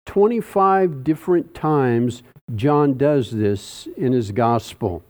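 A man preaching a sermon, teaching slowly and deliberately through a Bible passage with dramatic pauses. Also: mid-range voice, animated, a little mellow.

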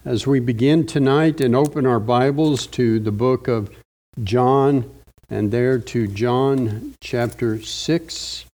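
A middle-aged male preacher teaching through scripture at an unhurried, measured pace. His voice is mellow and warm, never sharp. He leans on key words to drive each point home. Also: mid-range voice. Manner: slow, deliberate, stressing key words. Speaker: pastor. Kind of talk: sermon Bible study.

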